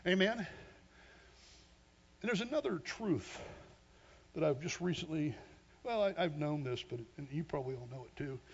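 Fervent preaching man with gravelly, lively voice. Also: high voice, highs cut off. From Western Pennsylvania. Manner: fervent, emphatic, calls for amens, laughs at himself. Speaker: pastor. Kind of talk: energetic sermon.

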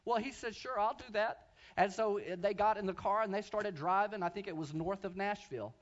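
A man preaching a sermon who tells a story, swinging from quiet asides to loud, shouted preaching. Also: high-pitched, fairly quick, dull audio. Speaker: pastor.

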